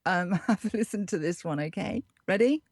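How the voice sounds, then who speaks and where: A woman's voice: medium pitch, lively intonation, moderate pace, darkish tone, husky. A woman who is the show's correspondent, hosting a casual podcast segment and reading quirky facts aloud in an upbeat way. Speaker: show correspondent.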